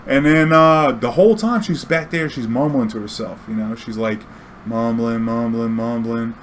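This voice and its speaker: Guy spinning a cab yarn, swears a lot, mid pitch, faint hiss behind. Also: moderate pace. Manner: profane, animated, acts out quoted dialogue. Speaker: storyteller and streamer. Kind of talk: casual anecdote telling.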